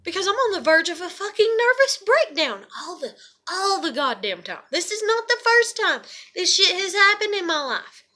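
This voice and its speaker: A woman's voice: very high-pitched, big pitch swings, moderate pace, pushed and bright. A woman, venting to camera in a profane, repetitive rant. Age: adult parent. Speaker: vlogger. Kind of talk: emotional venting monologue.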